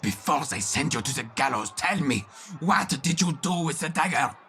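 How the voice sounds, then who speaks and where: Noble father, French accent, grieving, imperious, shouting, bright forceful voice, slightly high. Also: animated, normal speed, a little hiss or hum. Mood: bitter grief. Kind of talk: game voice acting.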